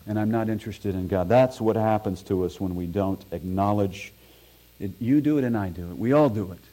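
A man's voice: on the low side, a little fast, mellow, poor audio. A man preaching a sermon in a church, reading scripture aloud with earnest emphasis and self-deprecating asides. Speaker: pastor. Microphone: microphone.

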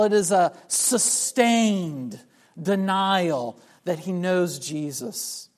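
Preaching on a Bible passage, this South Carolina man speaks slowly in a voice that sits high. He acts out the voices of those he quotes, and he repeats words whenever he restarts a sentence.

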